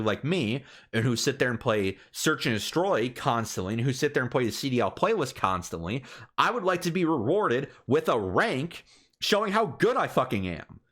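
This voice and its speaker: A man co-hosting a podcast, talking casually in an animated, profane and boastful rant. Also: on the high side. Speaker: podcast co-host. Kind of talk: casual chat.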